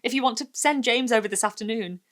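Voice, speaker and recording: A woman's voice: fairly high pitch, fast, a bit bright, pitched above the performer's own voice, lightly acted. A woman voicing a timid suburban mother who is nervously polite and eager to agree.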